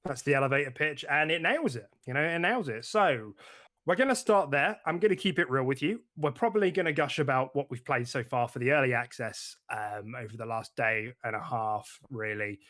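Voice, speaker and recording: A man's voice: medium pitch, animated, fairly quick, a bit bright. Chatty laughing male podcast host. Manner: chatty, laughs often, frequent fillers and restarts. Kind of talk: casual gaming podcast chat.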